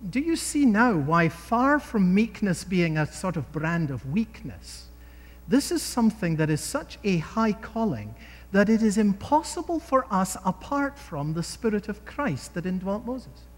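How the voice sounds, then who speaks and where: Lively high-voiced male preacher. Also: a little slow, in a large hall. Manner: emphatic, rhetorical questions to the listeners. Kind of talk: sermon.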